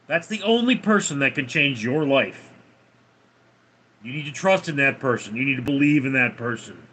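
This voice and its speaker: A man's voice: mid-range voice, animated, moderate pace, pushed and bright, breathy edge, voice pushed down. A man voicing a motivational speaker in a put-on accent, with a preachy, urgent delivery. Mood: urging. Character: man giving a pep talk in a put-on accent.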